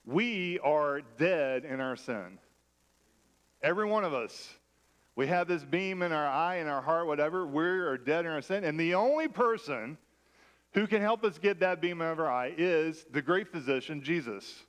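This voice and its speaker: Pastor guy preaching in church, chatty and self-deprecating with a bit of a higher voice, tells stories, jokes at his own expense. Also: moderate pace. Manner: conversational, self-deprecating humor. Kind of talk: sermon with personal storytelling.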